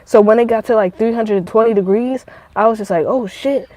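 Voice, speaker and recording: A woman's voice: on the high side, brisk, no echo, rough recording. A woman vlogger telling rambling, profane stories in a casual monologue. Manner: profane, rambling, animated storytelling.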